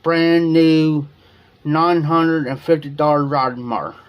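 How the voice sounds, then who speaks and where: A man's voice: fairly high pitch, fairly even intonation, unhurried, clear, resonant tone, dull audio. Rambling man telling a story. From Ohio. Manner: rambling, repeats "I said" often. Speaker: livestream host. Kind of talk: casual storytelling to viewers.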